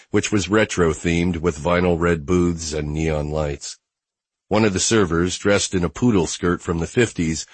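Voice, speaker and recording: Deep husky male audiobook narrator. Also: no echo. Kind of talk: first-person novel narration.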